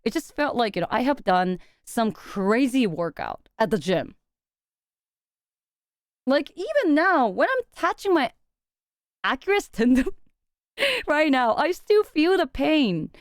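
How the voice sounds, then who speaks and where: A young woman streaming to her viewers, chatting casually and animatedly, laughing often, swearing for effect, and dropping in quick Japanese phrases. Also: sits high, sing-song, dry recording, studio quality.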